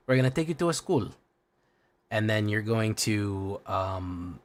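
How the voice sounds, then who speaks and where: A man's voice: lowish voice, fairly bright tone. Chatty, profane game streamer guy. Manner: chatty, rambling, swears casually, thanks viewers. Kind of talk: casual live-stream chat.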